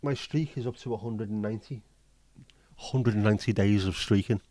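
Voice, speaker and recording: Joking host, casual swearer, mellow low voice, dry close sound. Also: male voice, fairly quick, dry recording. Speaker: livestream host. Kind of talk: casual chat reading viewer comments.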